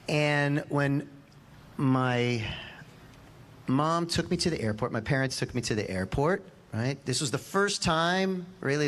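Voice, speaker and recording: A man's voice: fairly high pitch, a bit bright. A man in his forties, a rabbi telling a personal story in a casual sermon and often tossing in "right?". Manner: chatty, with rhetorical "right?" asides.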